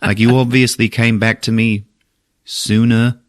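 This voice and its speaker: A man with a put-on New Zealand accent voicing a huge, gentle male rock creature who talks in a soft-spoken, easygoing way. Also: mid-range voice, level tone, a little slow, natural voice.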